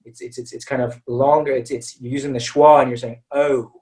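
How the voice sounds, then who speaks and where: A man's voice: mid-range voice, steady tone, brisk, a little mellow, distant mic, poor audio. An American man teaching English in a live webinar, talking in a chatty way and often checking in with "all right" and "okay".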